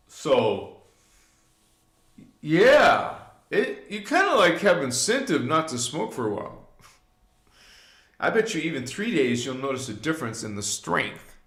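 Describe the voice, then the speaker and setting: In a roomy-sounding space, a mid-range, fairly bright male voice leads a livestreamed spiritual talk. He meanders loosely, drops frequent fillers and asides, and preaches directly to those watching.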